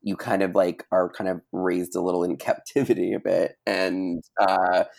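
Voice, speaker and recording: A man co-hosting a podcast in casual chat, rambling with lots of fillers and animated asides. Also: low voice, moderate pace, vocal fry. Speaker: podcast co-host.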